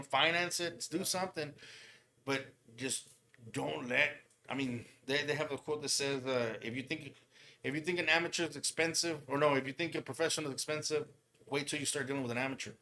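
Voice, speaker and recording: A man's voice: on the high side, fairly quick, sharp tone. A man who installs car audio, chatting casually on a podcast with slang and plenty of swearing. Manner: laid-back, slangy, swears freely.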